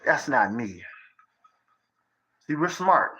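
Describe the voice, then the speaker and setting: A man's voice: mid-range voice, sing-song, slow, sharp tone, low-quality recording. A man in his thirties giving a rambling, profane livestream monologue, lecturing his viewers with rhetorical questions in a conspiratorial tone. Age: 30s.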